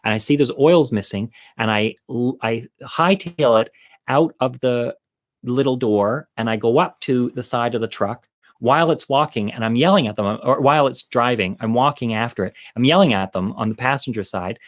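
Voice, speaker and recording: A man tells a story from his own life in a mid-pitched voice, animated and blunt. He swears freely and acts out his own past shouting with sharp rises in pitch. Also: moderate pace. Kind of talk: personal storytelling.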